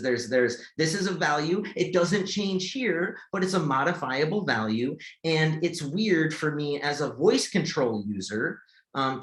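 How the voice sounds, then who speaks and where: A man talks through an accessibility test on a shared screen, in a voice pitched a little high for a man. He stumbles, repeats himself and restarts phrases as he explains. The room gives him a noticeable echo. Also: fairly bright tone. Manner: halting, repeats words and restarts often. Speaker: accessibility tester and presenter. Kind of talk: screen-share tutorial walkthrough. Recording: echoey room.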